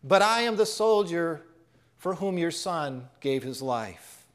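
A man doing a humble young soldier who speaks slowly and earnestly. The voice sits high for a man. It stays gentle and sincere throughout. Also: animated.

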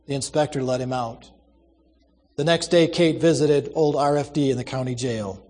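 A man narrating a story dramatically, in a measured, expressive way. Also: mid-range voice, big-room sound.

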